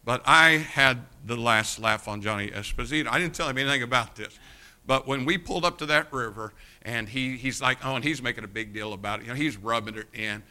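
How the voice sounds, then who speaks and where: A man from the United States preaching a sermon, telling an animated personal anecdote and addressing the congregation directly. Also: medium pitch, fairly quick. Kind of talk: sermon storytelling.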